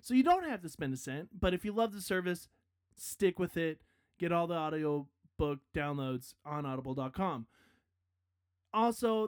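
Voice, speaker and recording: A podcast host in a casual outro, chatty and rambling, poking fun at themself and now and then bursting into loud hype yells. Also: medium pitch, no room sound, clean studio sound. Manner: chatty, self-mocking, rambling.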